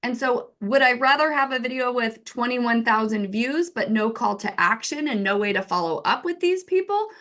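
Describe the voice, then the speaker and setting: A woman in her thirties, a software co-founder, giving casual marketing advice in a lively way, often asking "right?" and acting out quotes. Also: fairly high pitch, normal speed, hardly any pauses. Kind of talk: casual teaching talk with screen share.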